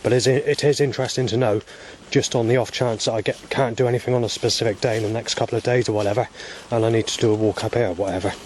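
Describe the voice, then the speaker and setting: Man, mid pitch, aggrieved and profane vlogger monologue recorded on a phone outdoors with faint background noise. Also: fairly even intonation, racing, darkish tone. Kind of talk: rambling monologue on a walk. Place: outdoors by a road on a walk.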